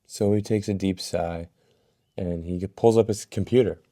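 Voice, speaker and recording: A man's voice: sits low, steady tone, measured pace, mellow. A young man casually telling a story about himself, swearing a lot and poking fun at himself. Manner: casual, profane, self-mocking.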